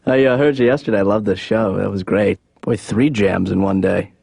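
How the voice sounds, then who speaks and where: An actor playing an aimless, sarcastic young adult son in a cartoon, with a dry, mumbling, deadpan delivery. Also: male voice, fairly low pitch, fairly quick, creaky, breathy edge, no room sound. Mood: offhand. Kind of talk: cartoon voice acting.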